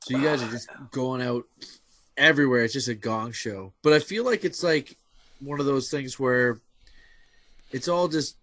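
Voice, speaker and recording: Podcast host guy, swears casually, dry close sound, average pitch. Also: normal speed, dry recording. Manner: profane, relaxed reactions. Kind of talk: casual chat.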